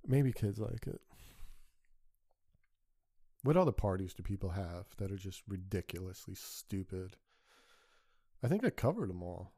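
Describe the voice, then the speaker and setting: A man's voice: deep voice, sing-song, measured pace, long pauses, dark tone, slightly rough, dry recording, clean studio sound. A man hosting a podcast, delivering a crude, sarcastic solo rant with an exasperated tone. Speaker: podcast host.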